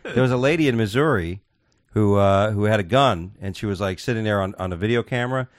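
Male host, fast and profane storyteller, plays every part; dry, close mic. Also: fairly low pitch, no echo. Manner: profane, animated storyteller acting out voices. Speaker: podcast host. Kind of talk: crude casual chat, telling stories.

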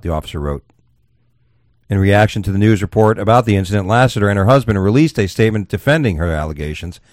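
A man hosting a casual talk show, reading odd news stories aloud with crude jokes and halting restarts. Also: on the low side, a little mellow, dry recording, clean studio sound.

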